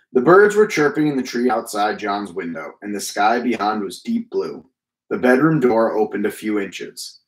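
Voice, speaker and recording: A man's voice: lowish voice, expressive, measured pace, reverberant, poor audio. Man reading a children's story aloud. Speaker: reader. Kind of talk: children's book read-aloud.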